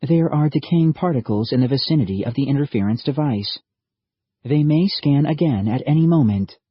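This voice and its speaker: Cold, exact synthetic girl soldier, read by a man; husky, pitched up from his own voice. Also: moderate pace, no echo, highs cut off. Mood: clipped, flat. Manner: flat, precise, matter-of-fact.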